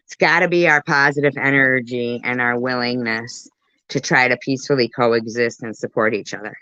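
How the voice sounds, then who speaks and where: A woman's voice: very deep voice, fairly even intonation, moderate pace, bright, forceful tone, dry recording, highs cut off. A woman doing casual live commentary as a YouTuber, rambling and swearing as she talks to her viewers.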